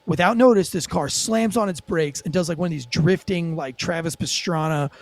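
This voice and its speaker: A man, a former police officer, telling a story as a guest in a casual podcast interview, animated and profane with lots of fillers. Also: on the high side, moderate pace, creaky.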